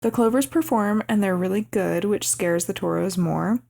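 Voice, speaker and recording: A young woman with a mid-pitched, gravelly voice tells the plot of a movie to a friend. She gets animated, throwing her voice high or low as she acts out the characters' lines. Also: moderate pace. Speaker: podcast co-host. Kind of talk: casual movie recap chat.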